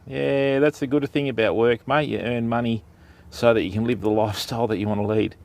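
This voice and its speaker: A man's voice: mid-range voice, steady tone, brisk, creaky, darkish tone. A middle-aged Australian man hosting an outdoor fishing livestream, casually greeting viewers by name as he talks. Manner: greets viewers by name, laid-back and chatty. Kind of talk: casual live-stream chat. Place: outdoors by a river on private property.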